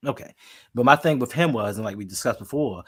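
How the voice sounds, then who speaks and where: A man with a Baltimore accent chats on a podcast, acting out the voices in his stories. His tone is a little husky and rough at the edges. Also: mid-range voice, quick pace. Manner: animated storyteller, acts out quotes. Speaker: co-host. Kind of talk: casual podcast chat.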